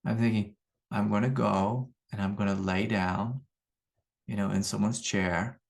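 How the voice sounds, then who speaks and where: A middle-aged man giving a calm, unhurried spiritual teaching talk as a meditation teacher, repeating his key phrases. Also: fairly low pitch, creaky.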